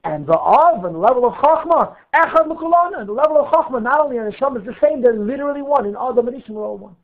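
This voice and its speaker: A rabbi teaching a class, lively, weaving Hebrew terms into his English and asking himself questions to answer them. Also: very high-pitched, fast. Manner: animated, asks and answers his own questions. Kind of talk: Torah class lecture. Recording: narrow phone-like audio.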